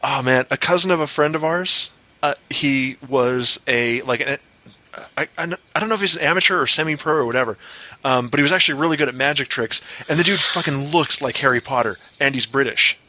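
A man co-hosting a casual podcast, telling a story in a relaxed, profane way. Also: medium pitch, fairly quick. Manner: laid-back, swearing storyteller. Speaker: podcast co-host. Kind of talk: casual chat.

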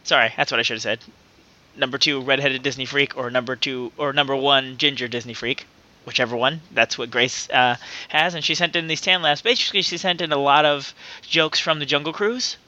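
A man's voice: mid-range voice, fairly quick, pushed and bright, lo-fi sound. A man co-hosting a podcast in casual comedic chat, laughing often and reading jokes out. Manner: giggly, reads out jokes. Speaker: podcast co-host.

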